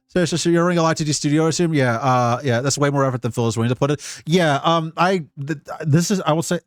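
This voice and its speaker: A man's voice: a little high, fast talker, no room sound, studio quality. A Scottish man giving casual live-stream commentary, rambling and profane, with many restarts.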